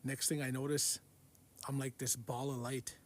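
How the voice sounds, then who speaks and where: A man telling the story of a vivid dream in an unhurried, repetitive way, often going back over the same words. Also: medium pitch, flat delivery. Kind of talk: recounting a dream.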